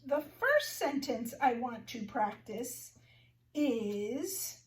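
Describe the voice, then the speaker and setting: A woman teaching a phonics lesson to young children, slowly sounding out each word with clear articulation. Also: a little high, very animated, recorded from a distance, slight background noise.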